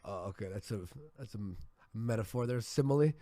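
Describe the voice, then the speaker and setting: A man's voice: lowish voice, brisk, mellow, no room sound. A man hosting a casual livestream, reading donation messages aloud in a loose, joking way, his throat sore and tired.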